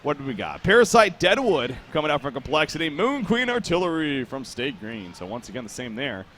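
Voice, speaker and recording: A man's voice: a little high, big pitch swings, fairly quick, fairly bright tone, slight background noise. A young man casting an esports match live, chatty and joking, often restarting his sentences. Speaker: esports caster. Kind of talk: live game commentary.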